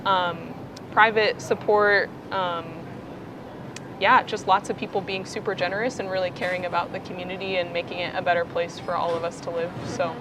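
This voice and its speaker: A woman guest on a talk show, explaining her work in a relaxed way with frequent fillers. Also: fairly low pitch, moderate pace. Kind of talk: casual chat. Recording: clear background noise.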